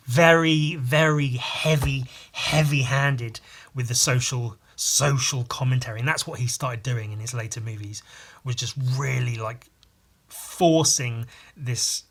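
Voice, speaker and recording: A man's voice: mid-range voice, steady tone, slow pace, a bit bright. Profane ranting man. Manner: rambling with frequent fillers. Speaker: podcast host. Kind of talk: casual chat.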